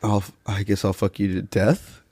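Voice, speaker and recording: A man's voice: fairly low pitch, flat delivery, normal speed, mellow, breathy edge, no room sound, studio quality. A man telling an absurd improvised comedy story in a matter-of-fact way. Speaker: podcast comedian.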